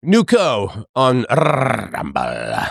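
A middle-aged man hosting a livestream, talking to his chat in a sarcastic, animated monologue. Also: drawn-out words, vocal fry, slightly rough, dry recording, studio quality. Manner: animated, sarcastic, mimics others in higher voices. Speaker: livestream host. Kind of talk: casual monologue to live chat.

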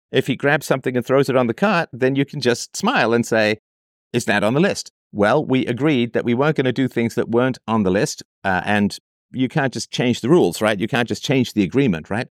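In a dry, clean studio recording, a man with a medium-pitched voice hosts a commentary. He reads a parent's letter aloud and argues against it, firing off rhetorical questions and mocking the voices he quotes.

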